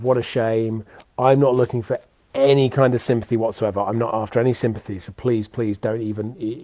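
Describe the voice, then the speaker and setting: A man in his thirties, worn out and talking off the cuff to a live audience from his home. His voice sits at an everyday middle pitch and sounds dry and close, with no room around it. He wanders through thoughts with plenty of ums and restarts. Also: mellow, dry recording. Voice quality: tired, rambling with many fillers and restarts. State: exhausted. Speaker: host of a weekly live show. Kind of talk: unscripted live-stream chat. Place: home, indoors. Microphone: webcam or computer mic for a live video.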